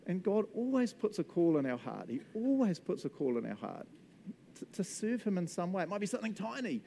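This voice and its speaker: A man giving a casual, animated sermon, laughing often and acting out voices. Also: high-pitched, fairly quick, gravelly, a little hiss or hum. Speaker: preacher.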